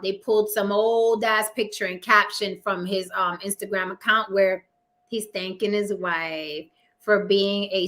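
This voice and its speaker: A woman's voice: mid-range voice, a bit bright. A woman with a New York accent hosting a casual livestream chat, blunt, sassy and full of profanity. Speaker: host.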